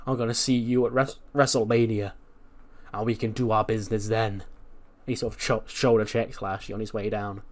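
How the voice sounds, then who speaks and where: A man casually narrating a wrestling management game playthrough, chatty and relaxed with frequent fillers. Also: fairly low pitch, moderate pace. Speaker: game streamer.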